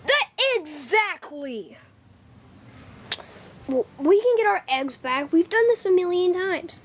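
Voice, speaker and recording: Woman doing all the voices in a homemade skit, high and bouncy, talks slow. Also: lively intonation. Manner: squabbling, jumps between high and low character voices. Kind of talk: homemade fan skit, one performer voicing every role.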